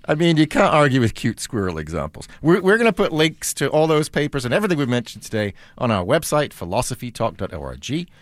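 Male public radio co-host, wide-ranging pitch, dry studio voice. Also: sing-song, brisk, few pauses, no room sound.

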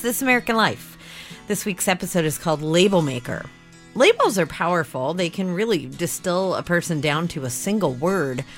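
A woman reading public radio station announcements and sponsor credits in a lively announcer manner. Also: medium pitch.

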